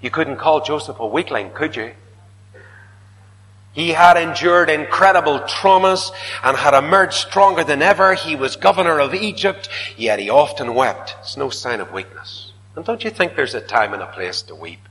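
A man preaching a sermon, swinging dramatically from loud declaiming to hushed whispers. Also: fairly high pitch, lively intonation, moderate pace, a little hiss or hum. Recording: reverberant hall.

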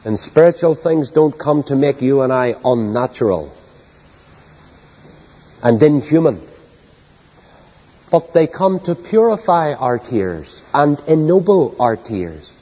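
A man preaching a sermon with great passion, soaring to loud high peaks and then dropping low and quiet, and putting questions to his listeners. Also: big pitch swings, takes it slowly, pauses often, long reverb tail, low-quality recording. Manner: rhetorical questions to the congregation.

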